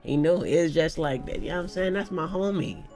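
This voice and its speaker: A young man hosting a casual manga reaction, excitable, slangy and profane as he riffs to his viewers. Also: a little high, normal speed, faint music behind. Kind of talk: casual live reaction commentary.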